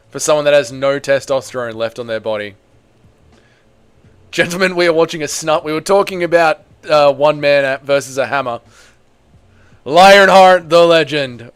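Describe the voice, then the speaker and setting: A man's voice: medium pitch, clean tone. A young man hosting a live fight watch-along, chatting casually and joking while answering the chat. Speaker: host.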